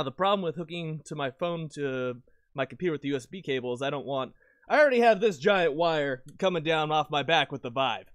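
A man talking casually about his recording setup into a lavalier mic at home, rambling and correcting himself with sudden bursts of excitement. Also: a little high, no room sound. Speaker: video creator. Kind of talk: casual gear talk to camera.

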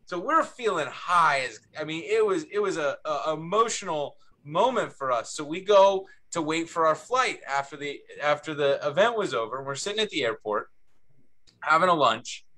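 Man, co-author, panel storyteller, high voice, bright tone. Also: normal speed. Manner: animated, chatty, with restarts. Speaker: book co-author.

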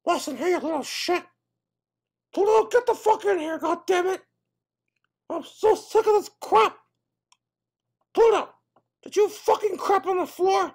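A man voicing a foul-mouthed cartoon mouse who is fed up and ranting at his dog in a shrill, cursing tirade. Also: unhurried, long pauses. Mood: furious.

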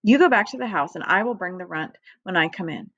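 A woman doing a gentle but firm farmer father. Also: fairly low pitch, lively intonation, quick pace, no room sound, muffled recording.

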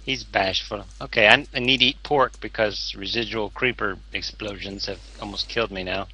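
A man's voice: fairly low pitch, fairly even intonation, normal speed, bright, forceful tone, slightly rough, poor audio. A man chatting casually while playing a game, playful and fond of putting on accents. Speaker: game player. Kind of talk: casual gameplay chat.

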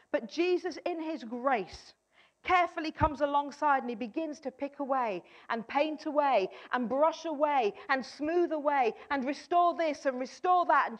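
A woman preaching a sermon, emphatic, often repeating her key phrases and acting out a doubter's replies. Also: high voice.

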